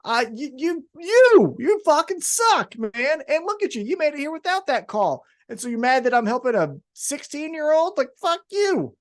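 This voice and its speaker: A fired-up young wrestler rants in a shrill, squeaky voice, as a man puts him on. His pitch climbs sharply as he sneers and swears at his rival. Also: sing-song, moderate pace, few pauses. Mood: scornful. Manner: high-pitched, scornful ranting. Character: angry, shrill young male wrestler ranting.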